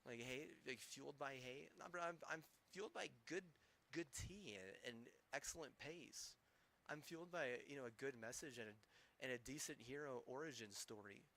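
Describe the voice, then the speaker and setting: A man's voice: medium pitch, normal speed, creaky, bright, forceful tone. A man streaming, ranting angrily with heavy swearing and rambling, restarting sentences. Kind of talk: angry profane rant.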